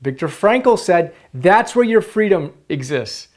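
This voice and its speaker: Guy doing an upbeat book summary, kinda high voice, really earnest, hammers the same phrase over and over. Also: sing-song, a little slow, darkish tone. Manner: earnest and emphatic, repeats key phrases for stress. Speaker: host of a book-summary video series. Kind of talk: motivational book summary talk.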